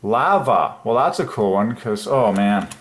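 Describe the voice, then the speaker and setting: A man hosting his own channel, musing aloud at his computer in an enthusiastic, halting way with many fillers. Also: on the low side, expressive, a little hiss or hum. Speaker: channel host. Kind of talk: religious numerology screen talk.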